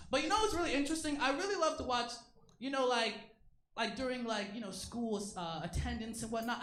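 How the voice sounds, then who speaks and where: A young man doing a stand-up comedy set, animated and self-mocking, slipping into quick mock voices. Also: extremely high pitch. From Eritrean family. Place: comedy club stage. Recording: echoey club room with crowd noise.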